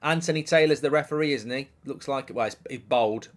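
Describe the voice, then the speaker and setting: A man's voice: medium pitch, fairly quick. A middle-aged man, hosting a live football watchalong, rambling, swearing and reading out viewer messages. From England. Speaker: host.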